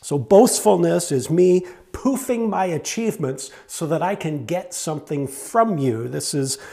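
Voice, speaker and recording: A man's voice: fairly high pitch, lively intonation, measured pace, vocal fry, mellow. A male pastor preaching a sermon in an earnest, conversational way, repeating phrases for emphasis and speaking candidly about himself. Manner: candid, self-deprecating.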